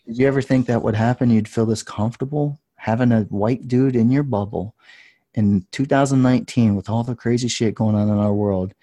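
A man in his thirties, a podcast guest, telling a story in an earnest, intense way that rises at times into loud passion. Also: on the low side. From United States. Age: 30s. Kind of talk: casual storytelling.

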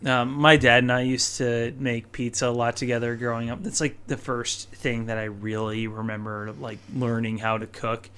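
A young man with a bright, forward voice co-hosts a casual chat podcast. He rambles along easily, padding his sentences with filler words. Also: medium pitch, little pitch movement, moderate pace, hardly any pauses, slight background noise. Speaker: podcast co-host.

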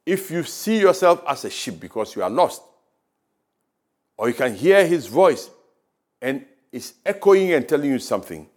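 A man with a Ghanaian English accent preaching a sermon, with rising emphasis and quiet drops. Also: mid-range voice. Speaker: pastor. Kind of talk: radio sermon. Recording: radio broadcast.

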